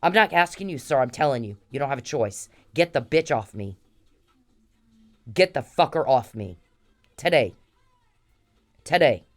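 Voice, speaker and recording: A woman's voice: rumbling low, lively intonation, measured pace, long pauses. A woman vlogger delivering an angry, confrontational rant straight to the person she is addressing. She swears freely and hammers the same phrases over and over. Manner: confrontational, profane, repeats phrases. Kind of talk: angry direct-to-camera rant.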